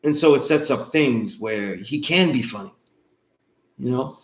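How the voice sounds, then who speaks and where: Man, course instructor, online class lecture, conversational, medium pitch, echoey room. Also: lively intonation, unhurried. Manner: conversational, loose, often asks "you know what I mean?".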